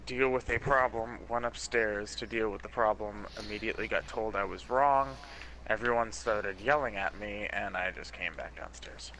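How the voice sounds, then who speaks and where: A young man chatting casually on a gaming stream, telling an animated story about a family argument. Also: lowish voice, moderate pace, slight background noise, poor audio.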